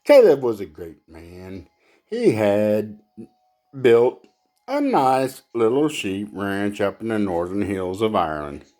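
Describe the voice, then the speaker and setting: A man doing stand-up comedy in a low voice, laughing at his own lines. He talks slowly and haltingly, with plenty of fillers between jokes. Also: big pitch swings, warm tone.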